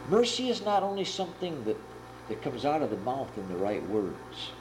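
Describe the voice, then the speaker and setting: A man preaching a sermon and retelling a parable with earnest, animated storytelling. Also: medium pitch, moderate pace, background noise.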